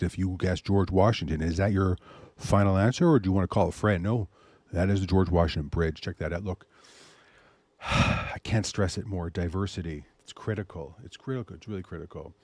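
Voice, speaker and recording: A man hosting a show, pitching his service in a loose, animated way and muttering asides to himself. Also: slightly rough, no room sound. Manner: animated salesy pitch, mutters asides while browsing pictures. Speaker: host. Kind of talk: casual promotional talk.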